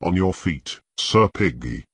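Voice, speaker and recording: A man with a husky, low voice playing a cold, sharp-voiced, taunting master-at-arms in an audiobook. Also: animated, slow pace, no echo, heavily acted. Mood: sneering. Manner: taunting, contemptuous.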